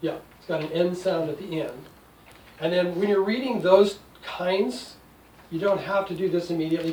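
A man's voice: high-pitched, a little mellow. A man in his sixties teaching a classroom lesson, explaining patiently with wry asides. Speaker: Greek teacher. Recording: echoey room, distant mic, faint noise.

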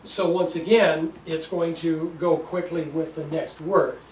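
A man's voice: fairly high pitch, steady tone, a little slow, darkish tone. A man in his sixties teaching a classroom lesson, explaining patiently with wry asides. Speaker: Greek teacher. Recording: echoey room, distant mic, faint noise.

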